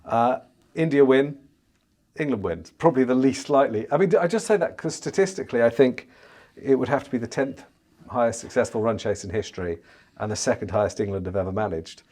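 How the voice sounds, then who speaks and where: A man's voice: medium pitch, brisk, a little mellow. A man, a chief cricket correspondent, chatting casually on a podcast, with frequent stammering restarts.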